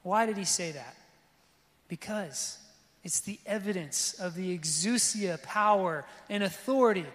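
A man preaching a sermon with lively energy, often asking the congregation if they are with him. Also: sits high, unhurried, big-room sound. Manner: lively preaching, asks the crowd for response. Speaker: pastor.

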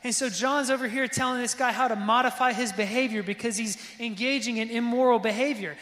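A man preaching a sermon with lively energy, often asking the congregation if they are with him. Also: extremely high pitch, fairly quick, in a large hall. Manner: lively preaching, asks the crowd for response. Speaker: pastor.

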